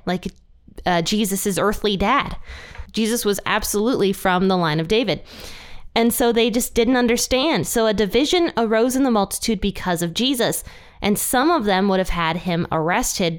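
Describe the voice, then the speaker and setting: A young woman hosting a podcast, teaching a Bible passage in a chatty, animated way. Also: medium pitch, clean tone. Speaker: podcast host. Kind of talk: casual Bible study teaching.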